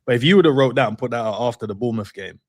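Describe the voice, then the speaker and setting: A man's voice: medium pitch, animated, racing, no echo, clean studio sound. Emphatic man talking football. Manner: emphatic, repeats phrases for emphasis. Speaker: podcast co-host. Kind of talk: casual football discussion.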